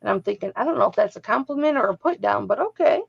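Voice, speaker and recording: A woman's voice: medium pitch, expressive, fast, creaky, breathy edge. A woman telling stories in casual chat on a live sale stream, joking and acting out what people said. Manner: chatty, joking, quotes people in her stories. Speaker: co-host. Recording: dull lo-fi livestream audio.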